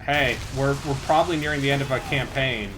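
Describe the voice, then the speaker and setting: A young man streaming a game and chatting with friends, sarcastic and quick to swear. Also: medium pitch, over music. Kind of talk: casual gaming chat.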